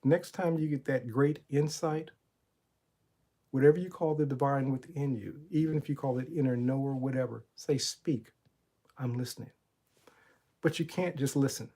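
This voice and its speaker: A man's voice: mid-range voice, moderate pace, dark tone. A middle-aged man, a motivational coach and channel host, giving a spiritual talk in a preacherly storytelling way, retelling Bible stories and asking rhetorical questions.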